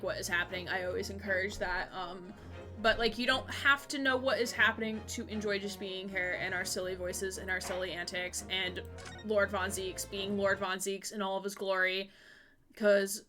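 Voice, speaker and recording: A woman streamer chatting excitably while playing a courtroom game live, laughing often and swearing casually. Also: mid-range voice. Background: background game music.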